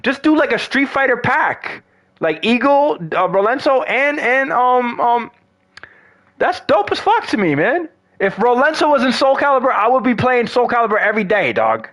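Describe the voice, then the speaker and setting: A man with a strikingly high, bright voice rants casually about games, swearing freely and trailing off into slangy asides. His delivery is exasperated and conversational. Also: sing-song, moderate pace. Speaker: gaming vlogger. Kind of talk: ranting casual monologue.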